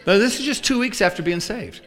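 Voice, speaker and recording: With a high voice and a slightly fast delivery, a male preacher tells a sermon story, acting out each person's lines on both sides of the dialogue. The recording has long hall reverb.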